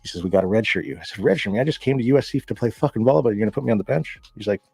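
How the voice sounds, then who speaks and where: A man from Southern California, a guest, telling a profane, animated story in casual talk and acting out the voices of people he quotes. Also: lowish voice, rapid-fire, vocal fry, breathy edge, dry recording.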